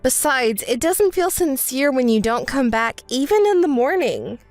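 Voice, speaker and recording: A woman's voice: high-pitched, big pitch swings, normal speed, dry recording, faint music behind. A woman voicing a hurt, indignant young bride in a text story, scolding and sarcastic. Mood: cold.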